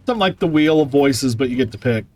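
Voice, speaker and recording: A man's voice: medium pitch, expressive, fast, a little mellow, no room sound. A man chatting casually and playfully as a live streamer.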